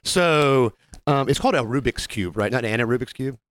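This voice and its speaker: On a dry recording, a medium-pitched man speaks briskly as one of a casual podcast's co-hosts. He chats and tells stories with gusto, performing the customers' quotes and swearing without restraint.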